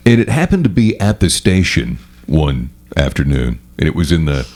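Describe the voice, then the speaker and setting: A middle-aged man with an extremely low, gravelly voice talks in a relaxed way and chimes in often. He is a radio host in easy chat. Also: moderate pace. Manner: gravelly, reacts often, chuckling. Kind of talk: casual chat.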